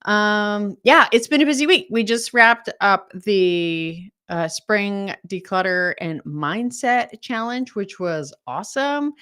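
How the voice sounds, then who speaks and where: A woman's voice: mid-range voice, slow, few pauses, fairly bright tone, smooth. Bubbly middle-aged woman chatting on a home livestream, says hi to everyone by name. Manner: bubbly, gushing, greets viewers by name. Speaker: livestream host and decluttering coach. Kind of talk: casual livestream chat. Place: home, recording on Vancouver Island. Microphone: camera live stream.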